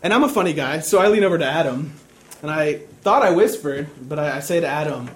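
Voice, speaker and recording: A man's voice: high voice, lively intonation, fast, a little hiss or hum. A young man preaching a sermon, telling a personal story in a casual, self-deprecating way.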